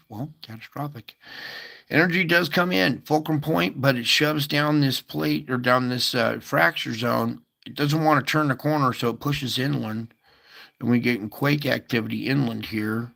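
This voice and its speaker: A man with a mid-range, gravelly voice and a sharp tone hosts a casual earthquake update at normal speed. He thinks aloud over maps in screen-share commentary, full of fillers and asides.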